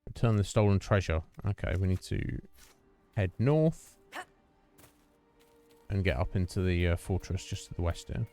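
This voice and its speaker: A man's voice: sits low, normal speed, pauses often, warm tone, soft background music. A man streaming a video game, chatting casually and thinking aloud as he plays and greets viewers. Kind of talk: casual gameplay commentary.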